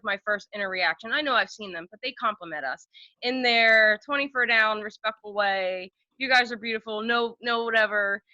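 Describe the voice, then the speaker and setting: Bright-voiced woman telling stories. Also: medium pitch, no echo, highs cut off. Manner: chatty, laughs often, lots of fillers. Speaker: podcast guest. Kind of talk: casual storytelling chat.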